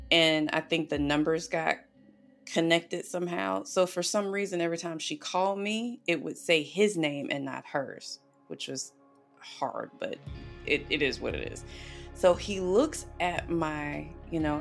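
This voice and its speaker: A woman's voice: low voice, gravelly. A woman on a podcast telling a personal story in an earnest, emotional way, with lots of "you know" and "like". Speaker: podcast guest.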